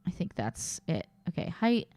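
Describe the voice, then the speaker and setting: A woman's voice: on the low side, big pitch swings, moderate pace, a little mellow. A woman streaming in casual, chatty commentary, thinking aloud with playful asides.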